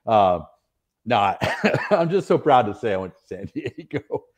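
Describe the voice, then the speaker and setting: A man's voice: mid-range voice, big pitch swings, normal speed. A middle-aged American man, a retired soldier, telling stories as a podcast guest in an earnest, rambling way with frequent laughs. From United States. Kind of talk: casual interview storytelling.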